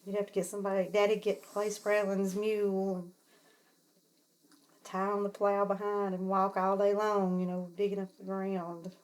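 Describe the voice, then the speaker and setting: A middle-aged woman with a gentle Southern twang reminisces about her childhood, her pitch sitting right in the ordinary middle. She rambles fondly from one memory to the next, in plain, homespun talk. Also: little pitch movement, normal speed. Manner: nostalgic, rambling storytelling. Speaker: interviewee, the filmmaker's mother. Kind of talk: casual reminiscing.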